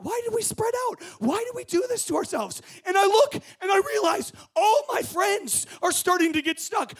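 A young man telling a story to a group as a camp speaker, acting out scenes with shouts and voices. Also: extremely high pitch.

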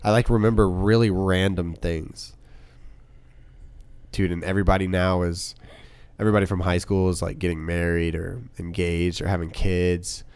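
A man's voice: low-pitched, level tone, normal speed, darkish tone, clean tone. A young man co-hosting a podcast, rambling in casual chat full of "like" and laughter. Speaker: podcast co-host.

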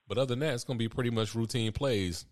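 A man co-hosting a casual sports podcast, talking in a relaxed slangy way and laughing often. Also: mid-range voice, very fast. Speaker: podcast co-host.

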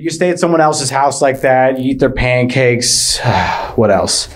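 A man doing stand-up in a rambling, halting way. He stacks up fillers and false starts as he wanders from bit to bit, and he keeps his deliberately awkward delivery going the whole time. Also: mid-range voice, animated. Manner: rambling, hesitant, full of fillers and restarts, mock-awkward. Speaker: stand-up comedian. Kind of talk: stand-up routine.

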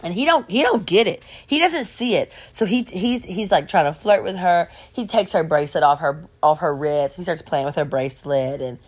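Animated woman telling a gossipy story. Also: lowish voice, moderate pace, few pauses, husky. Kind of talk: casual storytime.

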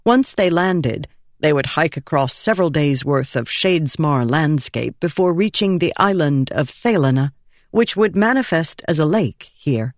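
A woman reading a fantasy audiobook in measured, expressive narration. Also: deep voice, no echo.

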